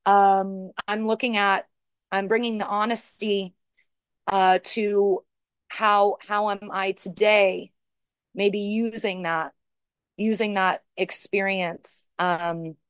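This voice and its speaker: A woman's voice: mid-range voice, level tone, slow pace, smooth, no room sound, studio quality. A woman sharing her recovery story, searching and repetitive, with many restarts and rising emotion. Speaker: recovery speaker. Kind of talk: personal share talk.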